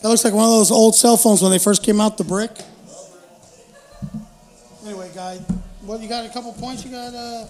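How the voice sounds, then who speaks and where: A man's voice: high voice, steady tone, moderate pace, long pauses, a little mellow, faint music behind. A man co-hosting a casual podcast chat, laid-back and crude. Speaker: podcast co-host.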